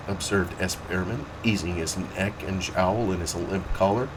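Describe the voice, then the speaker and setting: A man reading a novel aloud in a plain, steady way over video gameplay. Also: deep voice, unhurried, few pauses, noisy background. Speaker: reader.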